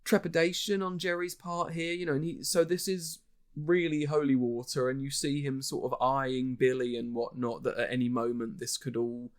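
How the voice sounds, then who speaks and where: A man's voice: mid-range voice, flat delivery, normal speed. A man co-hosting a podcast, chatting casually about a horror film, rambling with many fillers and restarts. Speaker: podcast co-host.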